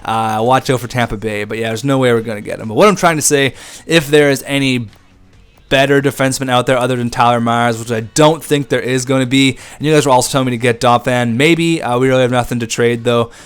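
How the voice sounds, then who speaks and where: Young man, game commentary, chatty and excitable, smooth clear voice, mid pitch. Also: quick pace. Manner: chatty, excitable, talks to viewers. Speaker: gaming YouTuber. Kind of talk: casual gameplay commentary. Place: home room at a desk with a squeaky chair.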